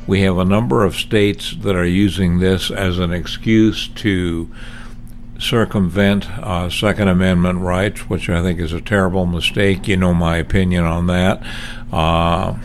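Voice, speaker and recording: A man's voice: low-pitched, a little hiss or hum. A middle-aged man hosting a talk radio show, chatting in a conversational, opinionated way with frequent fillers. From Washington State.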